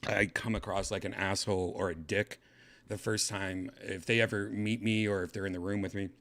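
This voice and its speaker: A man telling a casual story as host of his own show, rambling, correcting himself, and jumping up into high voices to mimic people. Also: fairly bright tone. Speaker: podcast host.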